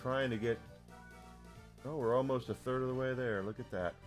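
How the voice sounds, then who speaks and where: Here a man's medium-pitched, steady voice moves at a moderate pace as he chats with viewers during a game stream. He's a rambling storyteller who restarts constantly and swears every tale is true, and faint game music sits under the recording.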